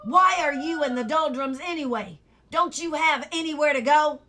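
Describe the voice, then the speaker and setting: A woman's voice: sits high, normal speed, sharp tone, pitched above the performer's own voice. A woman voicing an impatient, growling male watchdog in a storybook reading. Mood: scolding. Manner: growling, scolding. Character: gruff, impatient male watchdog with a ticking clock body.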